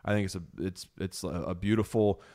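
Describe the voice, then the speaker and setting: A man's voice: deep voice, fairly even intonation, a little fast, a little mellow. A young man hosting a podcast, who tells a story in a casual chat and acts out the quotes with animation. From United States. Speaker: podcast host.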